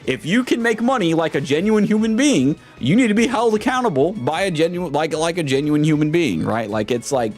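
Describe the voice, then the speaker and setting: A man's voice: a little high, lively intonation, a little fast, hardly any pauses. A man streamer in casual live-stream chat, rambling and often repeating and restarting his words.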